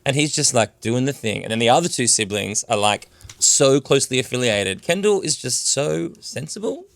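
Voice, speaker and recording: A man's voice: mid-range voice, lively intonation, creaky, no room sound. An Australian man co-hosting a casual podcast, talking with enthusiasm and filling his sentences with "like". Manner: fast, enthusiastic, lots of "like" fillers. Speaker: podcast co-host.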